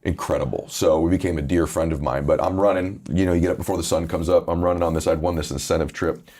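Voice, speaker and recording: A man's voice: sits low, fairly even intonation, fast, darkish tone, a little hiss or hum. A middle-aged man, a podcast host and author, speaking earnestly in a candid interview and telling an emotional personal story.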